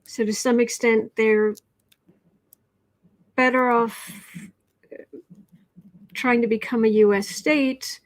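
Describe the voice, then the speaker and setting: A woman with a fairly high, steady voice speaks slowly, leaving long pauses. She's a tarot reader hosting a livestream, chatting casually and reading viewer comments aloud. Between readings she talks softly and coos to her pet cat.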